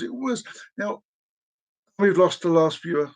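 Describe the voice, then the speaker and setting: A man in his forties rambles through a home live stream with a slightly high voice. He is playful and chaotic, echoing his own phrases and drawing them out. Now and then he breaks into excited whoops. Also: a little slow, long pauses. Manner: sudden whoops and excited outbursts. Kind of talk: casual live-stream chat. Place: at home at a desk.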